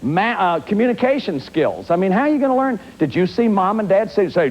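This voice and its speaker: Animated man in his fifties lecturing. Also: high voice, fairly quick, hardly any pauses. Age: 50s. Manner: animated, acts out examples, frequent restarts. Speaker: therapist and lecturer. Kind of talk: self-help lecture. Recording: dull lo-fi recording.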